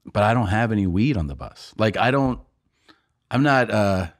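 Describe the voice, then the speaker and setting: A man's voice: fairly low pitch, animated, moderate pace, dry recording, clean studio sound. A man on a podcast, casually telling a long story, acting out other people's lines and laughing often. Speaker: podcast co-host and comedian.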